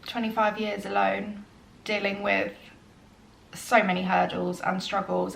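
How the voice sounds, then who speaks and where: A young adult woman talking casually through a get-to-know-me Q&A, earnest and chatty with frequent ums, sometimes soft and emotional. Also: medium pitch, monotone, a little slow, vocal fry, reverberant, slight background noise. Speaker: vlogger.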